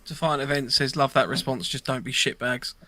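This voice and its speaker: Man, British accent, podcast host, bright voice, slightly high, earnest, dry sound. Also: steady tone, a little fast, no room sound. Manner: earnest, reads chat comments. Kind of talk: casual podcast chat.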